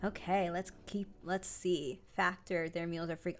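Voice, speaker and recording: A woman's voice: fairly low pitch, measured pace, hardly any pauses. A young adult woman hosting a live stream, chatting casually in a rambling way with lots of fillers and restarts. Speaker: livestream host. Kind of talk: casual livestream chat.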